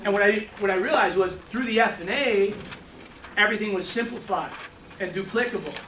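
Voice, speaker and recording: A man's voice: sits high, brisk, bright, forceful tone, slight background noise. A man giving a live sales training talk, telling stories and joking, asking the room questions. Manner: brash, joking storyteller who asks the room questions. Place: meeting room with a small audience. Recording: echoey room, mic from far off.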